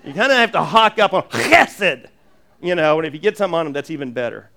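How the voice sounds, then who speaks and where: High-voiced earnest male pastor preaching. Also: rapid-fire. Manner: animated, earnest, jokey asides, frequent repeated restarts. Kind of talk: sermon.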